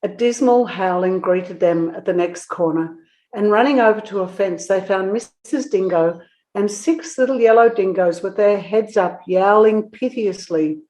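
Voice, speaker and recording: A woman narrating a children's book in an expressive storytelling manner. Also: mid-range voice, normal speed.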